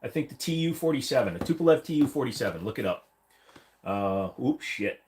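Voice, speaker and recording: A man's voice: medium pitch, animated, brisk, a little mellow. A man hosting a casual livestream, reading viewer comments and rambling with jokes and silly voices from his room at home. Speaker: livestream host. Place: home room, seated against a wall.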